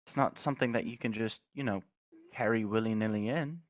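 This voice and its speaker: A man's voice: on the low side, fairly quick, dry recording, lo-fi sound. A man playing his character in a tabletop game, speaking earnestly and searching for words. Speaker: player. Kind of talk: in-character tabletop role-play.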